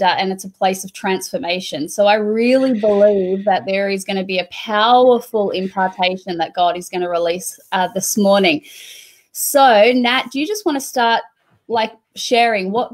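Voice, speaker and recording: Relaxed woman hosting a chat. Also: mid-range voice. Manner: relaxed, hesitant, full of fillers. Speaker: host. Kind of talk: casual conversational chat.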